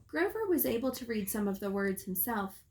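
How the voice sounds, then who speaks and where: A woman teacher reads a picture book aloud for young children. She is calm and clear, with a voice a bit higher than most. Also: moderate pace. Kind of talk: storybook read-aloud.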